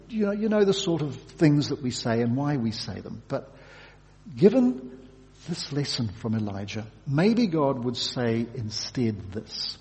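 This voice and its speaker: A man preaching a sermon, swinging from loud emphasis to hushed, soft words. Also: medium pitch, big pitch swings, a little slow. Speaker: pastor. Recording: long hall reverb.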